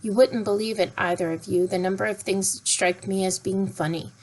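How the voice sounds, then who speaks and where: A woman's voice: mid-range voice, fairly even intonation, a little fast, close to an everyday voice, low-quality recording. A woman voicing a cheerful, round, bald old uncle who talks in a jolly, apologetic way in a storybook reading.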